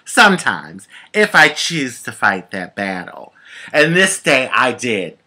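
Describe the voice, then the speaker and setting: Sassy, bright-voiced woman telling a story. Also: very deep voice, slow, breathy edge. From United States. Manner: sassy, animated storytelling with sharp comebacks. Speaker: vlogger. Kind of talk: casual storytelling to camera.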